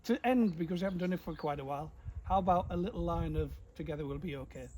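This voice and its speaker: A man's voice: fairly high pitch, fast talker, darkish tone, slight background noise. A man hosting an interview, asking long rambling questions and praising his guest eagerly. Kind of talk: casual interview.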